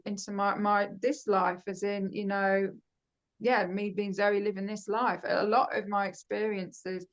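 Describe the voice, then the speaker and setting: A woman with grown children, a guest in a casual conversation, talking quickly and restarting her sentences often. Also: medium pitch. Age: adult with grown children. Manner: talks fast, with many fillers and restarts. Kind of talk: casual conversation about personal experiences.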